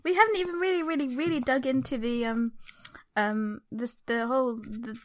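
A woman co-hosting a casual chat, enthusiastic and quick to joke, laughing often. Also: a little high, steady tone, no echo, studio quality, soft background music. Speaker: podcast co-host.

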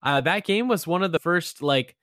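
A man's voice: fairly high pitch, animated, moderate pace, a bit bright, dry recording, clean studio sound. A man hosting a casual gaming podcast, laid-back and slangy. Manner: laid-back, slangy, says "bro" and "dude". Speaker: podcast host. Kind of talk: casual chat.

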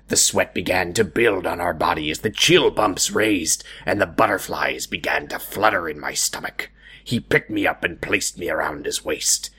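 A male pirate murmurs slowly in a low, breathy half-whisper, as a man puts the voice on. The tone stays bright but husky, unhurried and hushed. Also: full character voice. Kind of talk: mock-serious reading of fan fiction.

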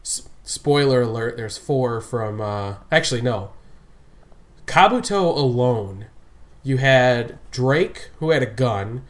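A man's voice: medium pitch, animated, slow. A man in casual fan chat, rambling and often laughing as he talks.

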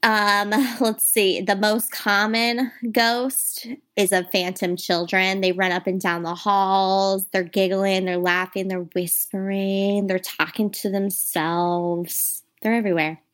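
A woman in a casual podcast chat, running through spooky tales in a loose, talky way. Her voice sits at an everyday middle pitch. She often turns to address the listeners directly. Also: level tone, slow pace, few pauses, a bit bright. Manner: chatty, addresses listeners as "you guys". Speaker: podcast co-host. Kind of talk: casual ghost-story chat.

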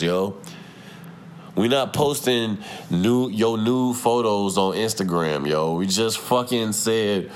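A man's voice: fairly low pitch, slow, a little hiss or hum. A young adult man hosting his own podcast, talking in a profane, heated, rambling rant. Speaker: podcast host. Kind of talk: casual solo podcast rant.

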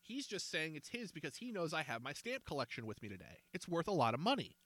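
A man's voice: a little high, big pitch swings, quick pace, fairly bright tone, no echo, voice pushed up. A man voicing a boastful, hot-headed teenage boy runner who snarls threats, in a storybook reading. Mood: defiant.

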